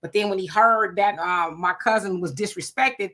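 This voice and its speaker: A woman hosting a casual livestream, reading out viewer comments and telling animated stories. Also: medium pitch, normal speed. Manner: animated storytelling with frequent laughs. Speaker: livestream host.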